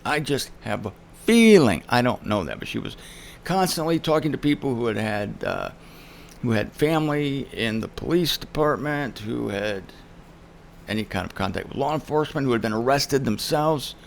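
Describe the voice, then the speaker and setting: A man's voice: medium pitch, gravelly. A man hosting his own show, telling a story in an emphatic monologue and acting out the people he quotes. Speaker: show host. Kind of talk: casual monologue.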